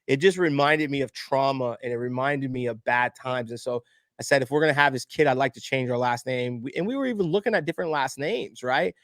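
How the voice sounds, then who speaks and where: A man's voice: medium pitch, a little fast, no room sound, studio quality. Candid man telling his story. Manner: candid, animated storyteller, acts out quoted voices. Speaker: podcast guest. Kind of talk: emotional storytelling interview.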